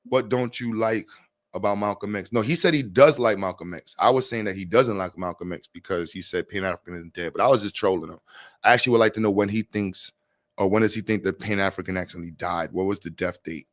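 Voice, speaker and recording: A man's voice: lowish voice, brisk. A man hosting a casual live stream, talking in slang and reading chat messages aloud to answer them.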